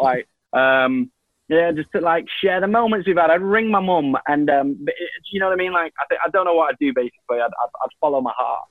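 A man's voice: on the high side, no room sound. A man from England giving long casual answers as an interview guest, full of restarts and fillers, over a video call. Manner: rambling, many restarts and fillers. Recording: tinny phone-like line, dry.

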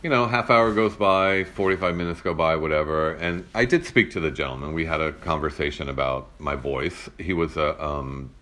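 A man's voice: a bass voice, normal speed, few pauses, a bit bright. A man with a rich, broadcast-style voice co-hosting a podcast, telling stories earnestly in casual chat. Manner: earnest, storytelling. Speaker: podcast co-host.

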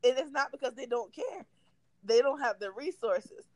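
Animated, slangy woman telling a story. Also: sits high, moderate pace, dry recording, rough recording. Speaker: podcast co-host. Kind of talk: casual storytelling chat.

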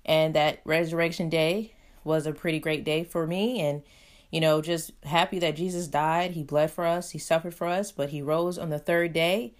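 A woman with a slightly low voice hosts her own podcast. She talks in a loose, casual way and fills her sentences with "you know." It sounds like an easy solo chat. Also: fairly even intonation, moderate pace. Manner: chatty, heavy use of "you know" fillers. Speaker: podcast host.

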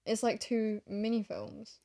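A woman's voice: a little high, little pitch movement, a little slow, mellow. A woman co-hosting a podcast, chatting casually, gushing and giggly. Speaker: podcast co-host. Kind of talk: casual chat.

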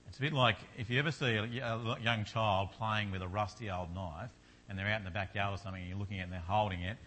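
Aussie guy preaching, earnest, really bright cutting tone, little hum under it. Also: fairly low pitch, steady tone, fast talker. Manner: earnest, builds to fervent repetition. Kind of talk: sermon.

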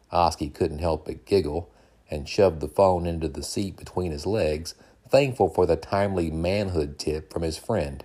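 A man hosting a podcast, reading a novel aloud in calm, steady storytelling narration. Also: deep voice, a little slow. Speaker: podcast host and reader. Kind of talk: audiobook narration.

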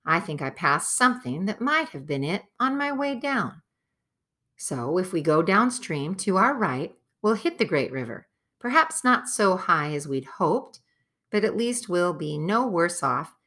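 Casting: blustering male dwarf warrior, read by a woman, raised and loud for her, bright forceful tone. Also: on the low side, unhurried, voice pushed up, heavily acted. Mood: argumentative. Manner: excitable, exclaiming, argumentative. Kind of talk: audiobook character voice.

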